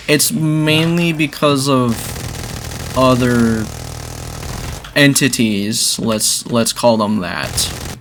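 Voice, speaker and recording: A young man casually talking through a zombie game he is playing, rambling between bursts of excitement. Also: mid-range voice, slight background noise. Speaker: gaming video creator. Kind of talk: casual gameplay commentary.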